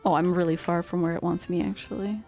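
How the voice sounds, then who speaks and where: A woman's voice: on the low side, flat delivery, fast, darkish tone, soft background music. A woman streaming a video game, talking casually to chat in a chatty, self-deprecating way, laughing often. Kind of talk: casual gameplay commentary.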